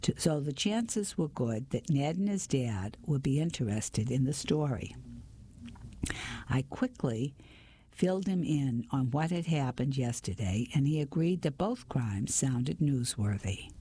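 A woman reading a story aloud in the first person, with an even, unhurried delivery. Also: very deep voice, husky. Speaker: audiobook narrator.

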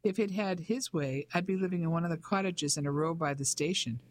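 An audiobook narrator voicing a spirited Englishwoman who speaks briskly and self-assuredly. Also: on the low side, no echo, lightly acted. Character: spirited Englishwoman living abroad.

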